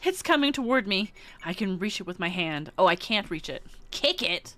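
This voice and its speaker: A woman voicing a silly, dramatic teenage girl on a ball team, joking fast, in a video game. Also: mid-range voice, very animated, a bit bright. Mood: goofy. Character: goofy playful teen girl ballplayer.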